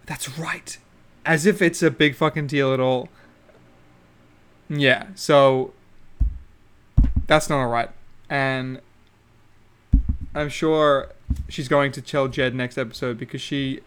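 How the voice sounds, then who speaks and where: A man's voice: fairly high pitch, moderate pace, a bit bright, clean tone. A young man hosting a solo podcast, ranting casually and swearing about a reality show, with lots of fillers. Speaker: podcast host. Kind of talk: casual solo recap chat.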